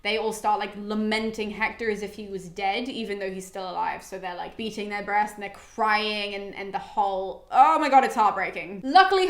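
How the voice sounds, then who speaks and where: A woman's voice: medium pitch, echoey room. A young woman hosting a casual, chatty summary, gushing and full of "like". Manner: gushing, animated, filler-heavy with "like". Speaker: host.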